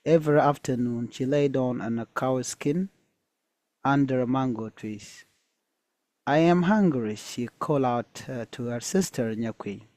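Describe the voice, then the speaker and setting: A man reading a folktale aloud and explaining it to listeners, pausing hesitantly with many fillers. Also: mid-range voice, steady tone, a little mellow, no room sound. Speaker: storyteller and teacher.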